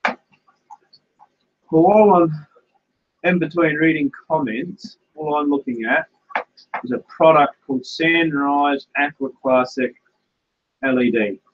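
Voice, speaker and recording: This streamer has a fairly high voice, speaks slowly, and pauses often. Broadcasting casually from his home fish room, he muses aloud and responds to comments, his audio dull and lo-fi.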